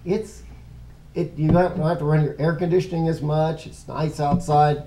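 A man's voice: on the high side, steady tone, normal speed, noisy background. A middle-aged man teaching a casual Bible lesson, rambling and conversational, often stopping to correct himself.

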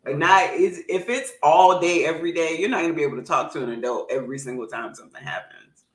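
A man's voice: fairly high pitch, fast talker, a bit bright. A male co-host in a casual panel discussion, speaking emphatically and cutting in. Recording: echoey room with faint noise.

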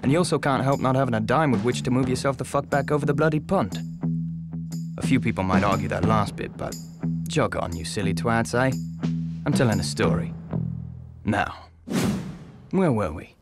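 A man's voice: mid-range voice, expressive, moderate pace, pauses often, natural voice. A man playing a cocky British crook narrating. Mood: cheeky. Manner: cheeky, profane storytelling to the audience. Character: cocky British small-time crook telling his story. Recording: music behind.

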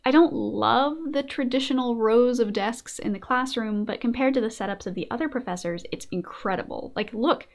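A young adult woman hosting a casual commentary video, playful and animated, often laughing. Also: a little high, moderate pace, few pauses. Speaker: video essayist host.

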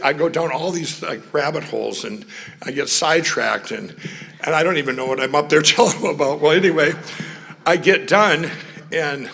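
A man's voice: on the high side, vocal fry, sharp tone. A man from Minnesota, telling rambling stories in a speech, often sidetracked and laughing. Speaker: guest speaker. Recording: long hall reverb.

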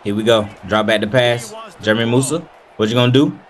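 A young man giving casual play-by-play commentary while playing a football video game, animated, hyped and trash-talking. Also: medium pitch, brisk. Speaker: gaming video creator.

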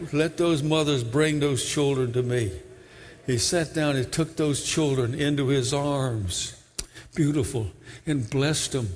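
A man preaching a sermon in a church, telling Bible stories and acting out the crowd's voices, sometimes rising to near shouts. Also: a little high, long reverb tail. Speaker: guest preacher. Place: church sanctuary.

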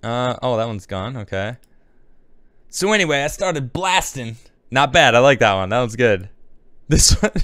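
A man's voice: medium pitch, fairly bright tone, clear, resonant tone, no room sound. Chatty male show host, dry sound. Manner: rambling, chatty, thinks aloud. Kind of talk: casual commentary, reacting to memes.

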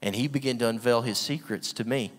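A man's voice: medium pitch, a little fast. Preaching man in a reverberant hall. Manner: energetic, emphatic, laughs often, rhetorical questions. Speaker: guest preacher. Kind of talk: sermon. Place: church hall with long reverb.

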